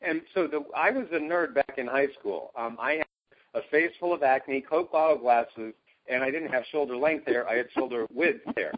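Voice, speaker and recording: A man coaching, explaining his ideas enthusiastically and emphatically over a call. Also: normal speed. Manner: enthusiastic, emphatic, jumps pitch on key words. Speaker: guest, self-help coach. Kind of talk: animated conversational explaining. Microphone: call line. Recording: dull lo-fi phone-call audio.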